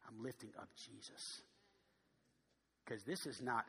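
A man's voice: medium pitch, measured pace, vocal fry, pauses often. Fervent preacher man in a reverberant sanctuary. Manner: swings from soft and intimate to loud and fervent. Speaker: pastor. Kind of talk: sermon with closing invitation. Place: church sanctuary. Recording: long church reverb with faint music.

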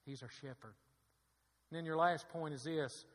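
A man's voice: a little high, normal speed. A man preaching a sermon in a church, building to fervent peaks and asking the congregation for an amen. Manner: preaching with rising fervor and call-and-response asides. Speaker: pastor. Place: church sanctuary. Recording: long hall reverb.

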